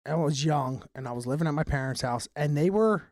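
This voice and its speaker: A young man tells stories on a podcast with animated energy and frequent laughter. His voice sits fairly high for a man. The sound is dry and close. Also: fast talker, dry recording. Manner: animated storyteller, laughs often, says "dude". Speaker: podcast co-host. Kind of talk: casual chat.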